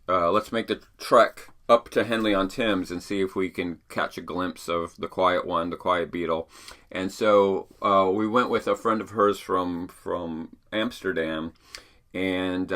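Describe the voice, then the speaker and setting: A middle-aged man with a low, sharp-toned voice hosts a podcast from his home attic. He tells stories in a chatty, rambling way, full of fillers and restarts.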